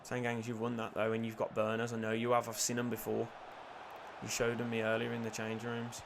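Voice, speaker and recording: A young man commentating his own football video game, excitable, muttering and then shouting, swearing and joking. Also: mid-range voice, brisk, creaky, slight background noise. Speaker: gaming YouTuber. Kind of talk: live gameplay commentary.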